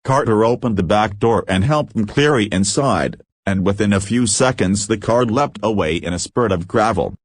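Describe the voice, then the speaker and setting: A man narrating a story as an audiobook reader in a measured, deliberate way. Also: on the low side, dry recording.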